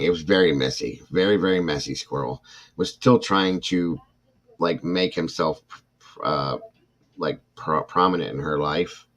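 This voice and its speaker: Older man, very low voice, livestream host, rambling, heated, restarts often. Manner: rambling and heated, with many restarts and asides to viewers. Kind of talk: casual livestream storytelling.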